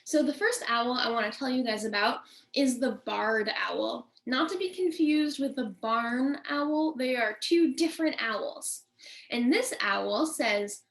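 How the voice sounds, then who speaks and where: A woman with a fairly high voice leads a children's nature lesson. She speaks slowly and warmly, turning often to the young viewers to draw them in. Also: animated. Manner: friendly, slow, addressing kids directly. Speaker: nature educator.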